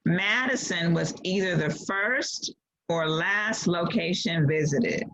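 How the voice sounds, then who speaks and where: A woman's voice: fairly low pitch, slow pace, a bit bright. A woman teaching a class over a video call, playful and encouraging, reading out clues. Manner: playful, encouraging, laughs often. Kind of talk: online class lesson. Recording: dull lo-fi video call audio.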